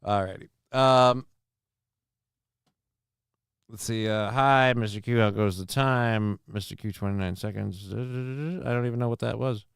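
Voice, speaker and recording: A man's voice: medium pitch, unhurried, creaky, smooth, no echo, studio quality. A man hosting a casual livestream show, rambling with many fillers and crude jokes as he reads the chat. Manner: gets loud and excited over news figures.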